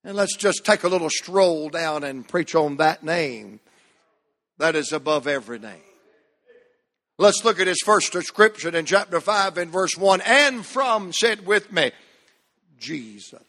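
A man preaching a sermon as pastor, slow and emphatic, drawing out key words. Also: sits high, expressive, sharp tone, big-room sound. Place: church sanctuary.

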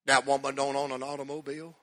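A man's voice: medium pitch, little pitch movement, fast talker, fairly bright tone. A male pastor with a North Carolina accent, telling a personal story in a sermon with folksy country speech.

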